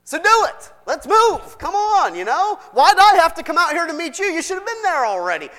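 A man putting on the voice of an exasperated, pushy woman who scolds and blames a friend with shrill, impatient demands, in a sermon retelling. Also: big pitch swings, fairly quick, pushed and bright, exaggerated voice. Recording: long reverb in a hall.

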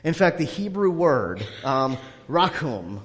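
Brief: conversational male pastor, slightly higher voice, storytelling sermon, long hall reverb. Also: normal speed. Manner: conversational, animated storytelling with many fillers.

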